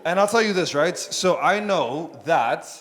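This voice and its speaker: A man's voice: on the high side, animated, measured pace, a bit bright. A man doing a stand-up set with brash, profane crowd work. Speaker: stand-up comedian.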